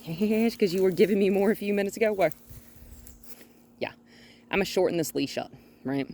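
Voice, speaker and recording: A woman working as a dog trainer, calmly explaining her methods during a hands-on outdoor session and often breaking off to praise the dog. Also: mid-range voice, a little fast, slight background noise. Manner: calm and explanatory, with frequent cheerful praise for the dog. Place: outdoors near a gate with a noisy HVAC unit.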